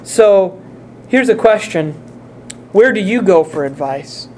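Guy preaching, kinda high voice, earnest, asks the crowd stuff, little bit of hiss behind. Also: expressive, takes it slowly, darkish tone. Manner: earnest, direct questions to the congregation. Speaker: pastor. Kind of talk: sermon.

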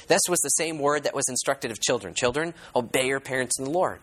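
A man's voice: medium pitch, quick pace, few pauses, a bit bright, poor audio. A man preaching a sermon as pastor. He reads scripture aloud, explains it verse by verse, repeats key words and puts questions to the congregation.

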